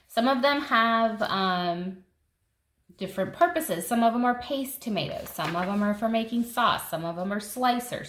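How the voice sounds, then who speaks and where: A fairly high-pitched, slightly bright female voice belongs to a gardening vlogger doing a casual flip-through of a seed catalog. She chats eagerly and voices her thoughts as she goes, in an echoey space with faint noise.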